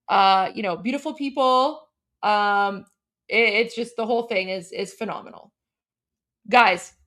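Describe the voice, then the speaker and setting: A woman's voice: a little high, fairly bright tone. A woman co-hosting a livestream in a casual, chatty way, full of "like" fillers and enthusiastic exclamations. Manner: chatty, heavy use of "like" fillers. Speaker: livestream co-host.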